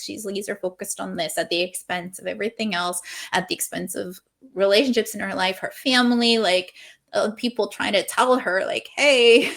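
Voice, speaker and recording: Interviewed over a video call in a casual chat, a woman author with a medium-pitched, creaky, fairly bright voice discusses her writing earnestly and expressively. She laughs often and thinks out loud.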